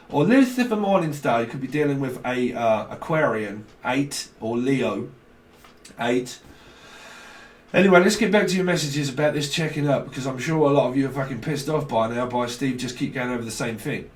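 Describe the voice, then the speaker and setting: A man's voice: fairly high pitch, echoey room. A man giving a casual, rambling tarot reading, swearing now and then and talking loosely. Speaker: tarot reader.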